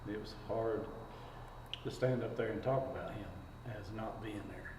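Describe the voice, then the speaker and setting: Fire chief, low voice, halting and heartfelt, echoey hall, clear background noise. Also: male voice, steady tone, distant mic. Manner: halting, heartfelt, slow pauses. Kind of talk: casual remembrance.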